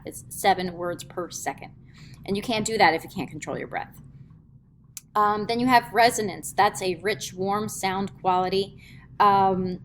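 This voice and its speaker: A woman teaching a middle school theatre class in a classroom lecture, chatty, filling pauses with "um" and demonstrating as she explains. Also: mid-range voice, slight background noise.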